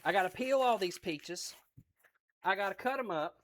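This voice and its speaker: An excited man from West Virginia with an Appalachian accent, chatting folksily on a cooking livestream. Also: high voice, normal speed. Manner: folksy and exuberant, repeats phrases.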